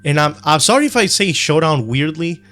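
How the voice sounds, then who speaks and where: A man's voice: fairly high pitch, lively intonation, brisk, a bit bright. A young man with a Spanish accent giving a casual, rambling opinion monologue, slangy and full of ums and self-corrections. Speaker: anime commentary youtuber.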